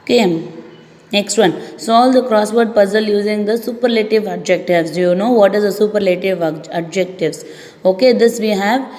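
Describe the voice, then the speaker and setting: A woman teacher with an Indian English accent giving an English lesson to pupils, repeating each word slowly and explaining it. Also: mid-range voice, darkish tone. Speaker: schoolteacher. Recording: echoey room, long reverb.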